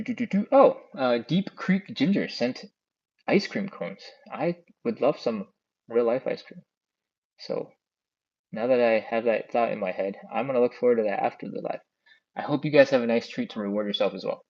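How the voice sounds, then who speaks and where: A man's voice: medium pitch, muffled recording. Chatty man coaching stretches live. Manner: counts down aloud, chatty, reads out chat comments. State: a bit out of breath. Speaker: stretching class host. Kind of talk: live follow-along stretching class. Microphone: phone on a stand.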